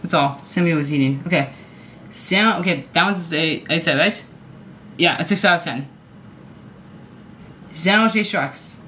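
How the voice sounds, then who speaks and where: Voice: medium pitch, unhurried, long pauses, bright, forceful tone, a little hiss or hum. A vlogger giving casual, rambling commentary, often unsure and apologizing. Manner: hums along to clips. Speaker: video creator ranking sports goal horns.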